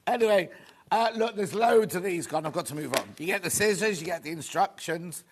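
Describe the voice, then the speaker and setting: A man presenting a live shopping show in a studio, chatty and rambling with quick asides. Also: sits high, background noise. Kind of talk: live selling chat.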